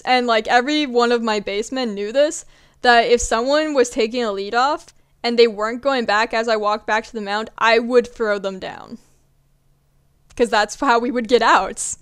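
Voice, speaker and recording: Chatty young woman with a smooth voice. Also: on the high side. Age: young adult. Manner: chatty, swears casually, acts out quotes. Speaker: vlogger. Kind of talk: casual storytelling.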